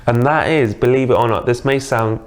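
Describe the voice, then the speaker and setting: A man's voice: medium pitch, fairly quick. A man with a British accent, a guest in a casual interview, chatty and enthusiastic, explaining with examples. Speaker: dating coach guest.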